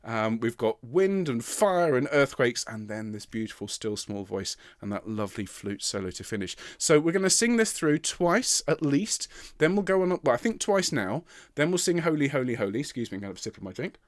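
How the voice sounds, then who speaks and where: A man's voice: mid-range voice, big pitch swings, a little fast, no room sound, studio quality. A man leading an online choir rehearsal, encouraging and chatty, counting the singers in and singing phrases to demonstrate. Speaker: choir director. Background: piano.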